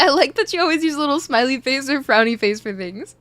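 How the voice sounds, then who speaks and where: A woman's voice: high voice, expressive, fast, few pauses, fairly bright tone, dry recording, faint music behind. A young woman streaming a game and chatting with her viewers, greeting them over and over, her speech a little muffled by a cough drop in her mouth. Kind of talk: casual live-stream chat while gaming.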